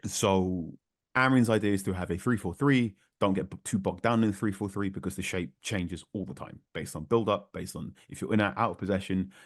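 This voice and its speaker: A man, a football journalist guest talking through tactics on a podcast, animated and prone to repeating words for emphasis. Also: low-pitched, no echo, clean studio sound. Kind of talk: conversational podcast analysis.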